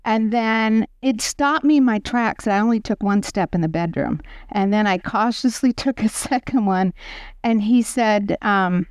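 An older woman teaching a Bible study, telling personal stories in an earnest way with soft chuckles. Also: medium pitch, measured pace, clean tone, no room sound.

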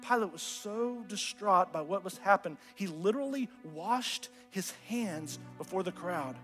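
High-voiced pastor in an echoing hall. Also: male voice, animated, a little slow. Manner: dramatic, earnest storytelling with soft drops in volume. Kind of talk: sermon retelling scripture. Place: church sanctuary. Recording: long hall reverb with faint music. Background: faint music.

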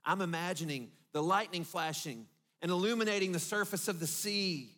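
High-voiced pastor preaching. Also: male voice, moderate pace. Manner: vivid storytelling, drops low and soft for emphasis. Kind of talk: sermon.

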